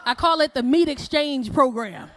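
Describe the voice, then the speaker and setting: Brash lady comedian on stage, laughing at her own jokes, soft room noise behind. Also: high voice, moderate pace. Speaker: stand-up comedian. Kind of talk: stand-up comedy set. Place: comedy club stage with live audience. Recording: faint crowd laughter and noise.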